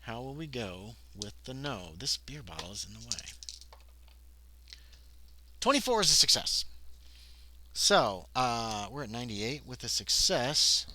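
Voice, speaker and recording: A man's voice: medium pitch, lively intonation, measured pace, pauses often, pushed and bright, a little hiss or hum, rough recording. A man playing a solo tabletop horror scenario on a livestream, reading the text aloud and breaking off into muttered asides. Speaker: solo tabletop game player and narrator.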